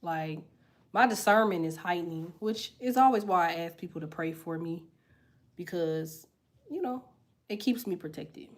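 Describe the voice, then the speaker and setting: A woman's voice: fairly low pitch, expressive, moderate pace. Blunt, chatty young woman tarot reader. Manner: blunt, profane, chatty, reads comments aloud. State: sick with a sinus infection. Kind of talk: casual livestream chat.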